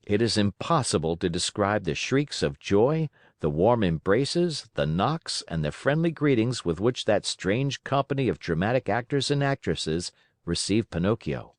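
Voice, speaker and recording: Expressive male storyteller, dry close sound. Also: lowish voice, moderate pace, no echo. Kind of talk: scripted narration of a children's classic for English learners.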